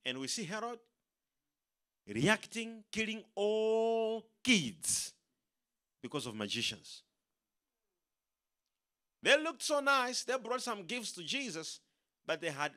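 A man preaching a sermon, animated, repeating his words and acting out the people he quotes. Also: high voice.

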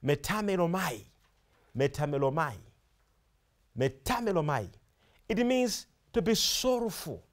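Guy preaching a sermon, high voice that swings up and down a lot, keeps repeating himself for emphasis. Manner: emphatic, repeats words and phrases, animated rise and fall.

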